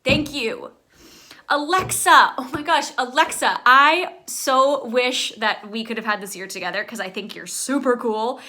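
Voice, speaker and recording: A woman's voice: a little high, measured pace. A young adult woman, a choir teacher, giving rambling, heartfelt farewell messages to her graduating students, full of fillers. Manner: warm, rambling, filler-heavy, chatty.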